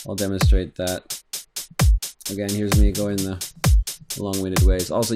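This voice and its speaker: A man giving a casual, rambling software tutorial, thinking aloud as he clicks through and humming rhythms. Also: low voice. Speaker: music production instructor. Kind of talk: screen-recorded software tutorial. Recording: faint electronic music underneath.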